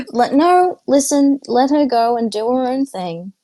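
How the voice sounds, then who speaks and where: A woman's voice: fairly high pitch, lively intonation, unhurried, mellow, no room sound. A woman sits at a tabletop game and talks in a laid-back, easy way. She laughs often. The sound is close and dry. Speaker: player. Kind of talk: casual chat at a game table.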